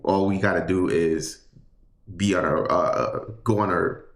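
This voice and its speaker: A man's voice: deep voice, fairly even intonation, measured pace, echoey room. A man giving a casual livestream tarot reading, chatty and rambling with many fillers and restarts. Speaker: tarot reader.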